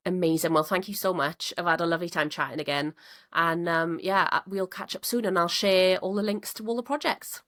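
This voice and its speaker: A woman podcast host with a somewhat low voice, chatting casually and swearing freely. She gushes with enthusiasm about what she loves, and she is just getting over a cold. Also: brisk, fairly bright tone. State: recovering from a cold. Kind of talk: casual interview chat.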